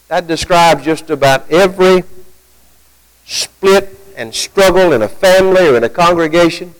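Fairly high-voiced male preacher. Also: moderate pace, rough recording. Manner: climbs higher and louder when quoting scripture; conversational, with rhetorical questions. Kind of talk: sermon.

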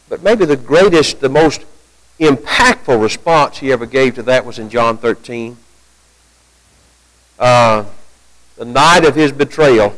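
A man preaching a sermon in a conversational way, asking rhetorical questions and climbing higher and louder when he quotes scripture. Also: rough recording.

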